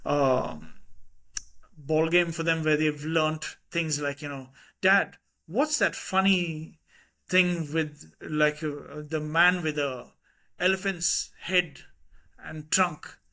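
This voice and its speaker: Animated Indian-English man telling stories. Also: on the high side, slow pace, vocal fry. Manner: animated anecdotes with quoted voices and laughter. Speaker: podcast guest. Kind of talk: casual conversational storytelling.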